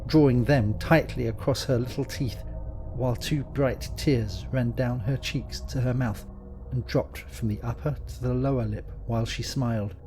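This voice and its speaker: A man narrating a gothic ghost story in a measured, dramatic way. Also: medium pitch, darkish tone, rough recording.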